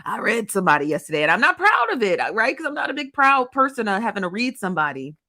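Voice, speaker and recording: A woman's voice: on the high side, very animated, pushed and bright. A young adult woman hosting a live gossip show, chatting casually with viewers and reading their comments aloud with easy laughs. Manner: chatty, laughs often, drawn-out Southern-style slang, reads comments aloud. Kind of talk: casual live-stream chat, greeting viewers.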